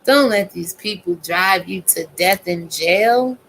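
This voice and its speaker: A woman's voice: fairly low pitch, slow pace, fairly bright tone, breathy edge, rough recording. A woman in her fifties ranting casually to her viewers, blunt and emphatic, cursing heavily. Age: 50s. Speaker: vlogger. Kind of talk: profane casual rant.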